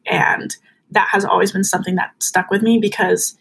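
A woman's voice: medium pitch, little pitch movement, normal speed, gravelly, a bit bright, breathy edge, low-quality recording. A young woman as a podcast guest, telling a personal story in an earnest, chatty way, full of fillers.

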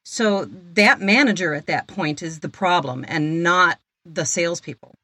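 A woman's voice: fairly low pitch, a little slow, pushed and bright, no echo. A woman guest on a podcast, explaining a point from her time as a former business owner. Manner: explanatory, speaks from business experience. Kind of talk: casual podcast chat.

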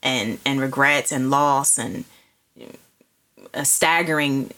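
A woman's voice: rumbling low, steady tone, slow, a bit bright. A woman who co-hosts a podcast and works as a coach, talking casually and reflectively with vivid imagery. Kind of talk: casual intimate conversation.

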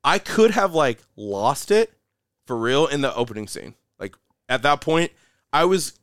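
A young podcast host chats casually and animatedly, swearing and leaning heavily on "like" and "dude." His medium-pitched voice is sing-song and unhurried, a bit bright, clear and resonant, captured in a dry, clean studio recording.

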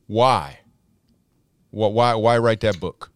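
A man with a fairly low voice co-hosts a podcast, and he keeps the talk playful and teasing. The sound is dry and close, with no room in it. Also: takes it slowly, clean tone, no room sound. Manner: joking, playful banter. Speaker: podcast co-host. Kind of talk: casual podcast chat.

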